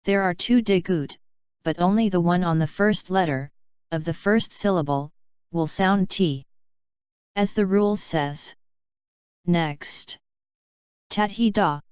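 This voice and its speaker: A woman narrating a step-by-step language lesson, slow and deliberate as she spells out each rule. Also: lowish voice, darkish tone, clean tone, no room sound. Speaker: language teacher. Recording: dull lo-fi dry sound.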